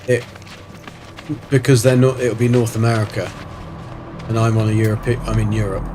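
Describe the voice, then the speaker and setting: A man's voice: on the low side, flat delivery, normal speed, heavy background noise. A man from Germany hosting a livestream, chatting casually as he plays, rambling and swearing playfully. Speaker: livestream host. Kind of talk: casual gaming commentary.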